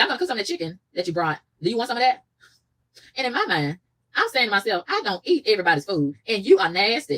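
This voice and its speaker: Woman, husky, very fast, lively pitch, indignant storytelling rant. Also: poor audio. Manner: animated, indignant, quotes others in mock voices. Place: room in a shared house.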